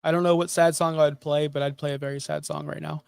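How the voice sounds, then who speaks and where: A middle-aged man hosting a fantasy football show, talking in animated, sarcastic, jokey rants. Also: on the high side, quick pace, vocal fry, clean tone, dry recording, clean studio sound. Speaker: fantasy football podcast host. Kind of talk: casual sports talk.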